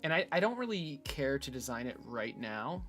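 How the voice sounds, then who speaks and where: A man thinking out loud in a casual screen-recorded build log, hesitant with many fillers and restarts, from his room at home. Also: medium pitch, big pitch swings, normal speed, soft background music. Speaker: hobbyist robot builder. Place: bedroom at home.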